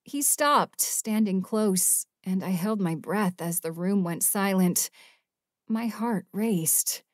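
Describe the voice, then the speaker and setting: A woman narrating an audiobook in the first person with an expressive, emotive reading. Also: medium pitch, slow pace, no echo, studio quality.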